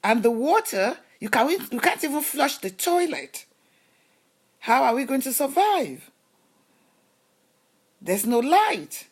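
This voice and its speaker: A woman's voice: high-pitched, very animated, slow, pauses often, husky. A woman vlogger giving an emphatic motivational talk, full of rhetorical questions and advice. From lives in Canada. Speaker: lifestyle vlogger.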